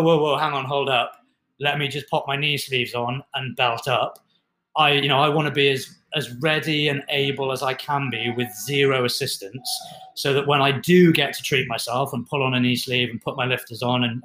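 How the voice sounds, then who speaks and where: Man explaining lifting gear, roomy sound. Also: medium pitch. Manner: relaxed, explains with fillers and examples. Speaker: fitness podcast co-host. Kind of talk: casual explanatory chat. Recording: roomy echo.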